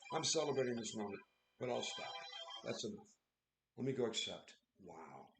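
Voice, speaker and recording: Excitable man hosting an echoey livestream. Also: medium pitch, moderate pace. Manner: excitable, exclaiming, laughing often. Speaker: livestream host. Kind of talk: casual live commentary.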